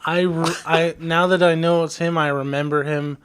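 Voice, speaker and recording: A man's voice: a little high, little pitch movement, moderate pace, a bit bright, clean tone. A man co-hosting a podcast, chatting in an easygoing, agreeable way. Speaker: podcast co-host. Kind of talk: casual chat.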